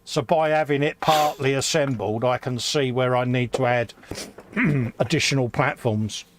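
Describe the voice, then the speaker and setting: A man chats casually while building a model on a live stream. He is slangy and playfully boastful. His voice sits at a middling pitch, and there is faint noise behind him. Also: unhurried. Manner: chatty and slangy, boasting jokingly. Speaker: co-host of a live hobby stream.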